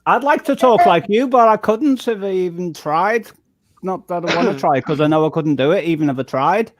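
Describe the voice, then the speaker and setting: A man with a Liverpool accent chatting casually, excitable, polite and self-deprecating. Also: sits high, moderate pace, very noisy. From England. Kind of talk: casual group chat.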